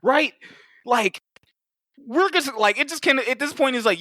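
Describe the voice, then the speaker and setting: A man's voice: extremely high pitch, moderate pace, dry recording, clean studio sound. A man co-hosting a podcast in casual chat, telling stories with heavy swearing and acted-out quotes. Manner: profane, animated storytelling with acted-out quotes. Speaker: podcast co-host.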